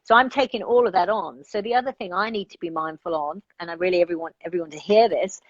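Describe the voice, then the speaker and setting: A woman's voice: on the low side, fast talker, dry recording, highs cut off. A woman life coach speaking as a guest in an interview, earnest and reflective, thinking aloud and checking that the listener follows her.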